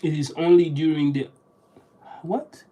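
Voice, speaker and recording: A person in a casual solo monologue, reading aloud and practicing vocabulary. They talk haltingly, restarting often and sounding out words while thinking aloud. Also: medium pitch, steady tone, dark tone, husky, rough recording.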